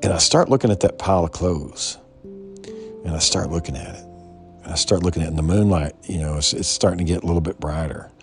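A man's voice: sits low, a little fast, faint music behind. A man telling a rambling personal anecdote in casual, heavily profane talk, often restarting his sentences. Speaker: storyteller.

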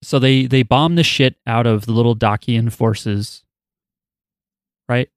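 A man's voice: medium pitch, unhurried, clear, resonant tone, no room sound, clean studio sound. A man co-hosting a podcast, chatting in a loose, rambling way and cursing casually. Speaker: podcast co-host. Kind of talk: casual chat.

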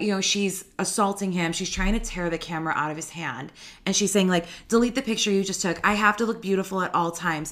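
Lady podcast host gossiping away, says like a lot, lowish voice. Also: a bit bright. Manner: chatty, heavy use of "like", gossipy. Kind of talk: casual podcast chat.

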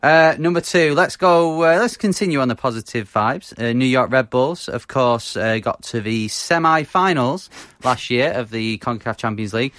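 A man's voice: medium pitch, fairly bright tone, dry recording, studio quality. Chatty British man with lots of fillers. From United Kingdom. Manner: halting, many fillers, laughs at own mispronunciations. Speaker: podcast co-host. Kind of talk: casual football podcast chat.

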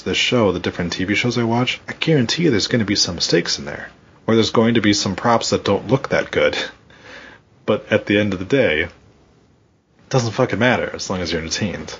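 A man's voice: on the low side, fairly quick, muffled recording, a little hiss or hum. A man co-hosting a casual podcast, ranting and swearing a lot as he talks. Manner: profane, ranting, animated. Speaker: podcast co-host. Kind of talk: casual wrestling podcast chat.

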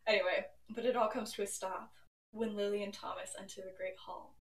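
A woman's voice: medium pitch, little pitch movement, a little fast, distant mic, slight background noise. A young woman hosting a podcast, retelling a story in a chatty, giggly way with many fillers. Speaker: podcast host. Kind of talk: casual storytelling. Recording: roomy echo, poorly set home mic.

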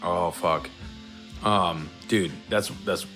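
A man's voice: deep voice, extremely slow, soft background music. A man co-hosting a casual comedy podcast, joking and swearing freely as he riffs. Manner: animated, profane, jokey. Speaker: podcast co-host.

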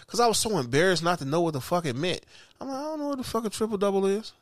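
A man hosting a casual chat, joking and cursing, swinging from loud to soft. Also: sits high, sing-song, quick pace, no room sound, studio quality. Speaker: podcast host.

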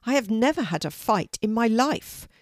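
Older woman voicing a regal pampered lady cat, polite and gentle, storybook reading, raised voice, dry sound. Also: a little high, animated, normal speed, dry recording, pitched above the performer's own voice, close to an everyday voice. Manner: polite, gentle, well-spoken.

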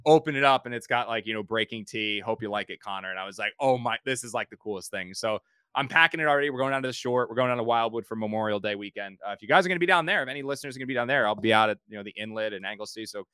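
A man's voice: on the low side, rapid-fire, bright, forceful tone, clean tone, no echo. A man hosting a podcast in casual chat, rambling through stories and repeating his words. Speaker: podcast host and sports reporter.

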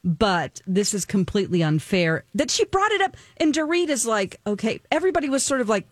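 A woman's voice: on the high side, sing-song, moderate pace, dry recording. A woman co-hosting a casual chat, recounting scenes indignantly and quoting people. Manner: indignant, quotes others in put-on voices. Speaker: co-host. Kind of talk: casual gossip chat about reality TV.

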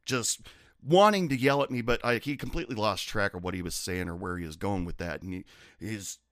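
A man's voice: lowish voice, brisk, a bit bright, no echo, studio quality. A man, a bartender, telling stories from his bar in a casual, sardonic, profane way. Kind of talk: casual storytelling.

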